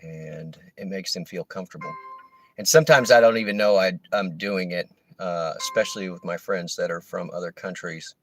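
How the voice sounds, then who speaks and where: A man's voice: low voice, moderate pace, soft background music. A man, chatting casually to viewers while he drives for a rideshare app. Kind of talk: casual live-stream chat. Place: in a car. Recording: noisy car interior.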